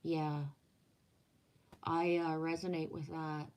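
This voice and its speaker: A woman's voice: sits low, little pitch movement, slow pace, darkish tone. Blunt, swearing woman. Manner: blunt, swears freely, acts out quoted dialogue. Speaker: former restaurant owner and chef. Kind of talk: casual personal storytelling.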